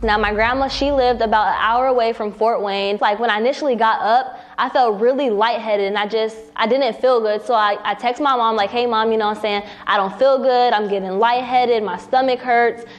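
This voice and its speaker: A woman's voice: on the high side, steady tone, fairly quick, few pauses. A young woman telling a personal story casually in a documentary interview, acting out what people said. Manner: casual, acts out quoted dialogue with a rising voice.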